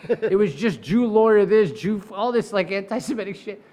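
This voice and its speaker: A man with a fairly high voice tells courtroom war stories in casual chat, putting on the voices of the people in them. He is loose and profane, and his pace rushes and stalls as he builds to the punchline. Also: a crowd in the background. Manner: animated, acts out quoted voices, profane. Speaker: defense attorney. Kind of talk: casual storytelling.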